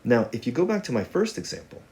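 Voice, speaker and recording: A man's voice: medium pitch, big pitch swings, fast, a little mellow. A man teaching a casual video lesson on Spanish grammar, talking in a conversational, joking way with playful asides.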